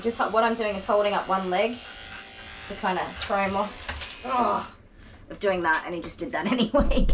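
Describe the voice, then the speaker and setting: Soothing a dog while she talks to a camera set on a tripod, a worn-out groomer with an aching back chats in a mid-range voice at a moderate pace. The grooming room is noisy, with clippers humming in the background.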